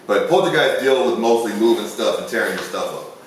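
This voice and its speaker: A man's voice: fairly low pitch, lively intonation, a little fast. A man in a casual chat, rambling through stories and acting out quotes. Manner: rambling storyteller, acts out quotes. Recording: echoey room, far from the mic, faint hiss.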